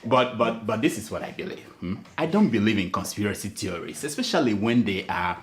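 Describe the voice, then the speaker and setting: A man's voice: on the low side, lively intonation, fairly quick. A man hosting a satirical late-night comedy show, laughing and mock-pompous as he talks.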